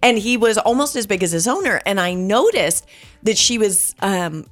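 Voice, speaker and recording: Middle-aged woman, casual chat co-host, animated laughing storyteller, very lively pitch. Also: moderate pace, faint music behind.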